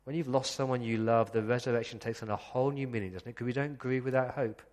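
A man preaching a sermon as pastor, earnest, slowing down to read scripture passages aloud. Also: medium pitch, steady tone, a little mellow, big-room sound. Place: church.

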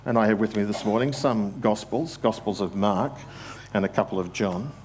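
An earnest man preaching to his congregation, asking them direct questions and slowing down to stress his points. His voice sits in a mid register, with a faint hiss of noise behind it. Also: lowish voice, a little mellow. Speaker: pastor. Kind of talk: sermon.

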